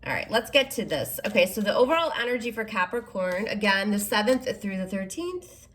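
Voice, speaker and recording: A woman's voice: medium pitch, sing-song, a little fast, a bit bright. A woman giving a chatty, reassuring tarot reading, often checking in with the listener with "okay?" and "you know". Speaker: tarot reader. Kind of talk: casual spoken tarot reading. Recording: faint background noise.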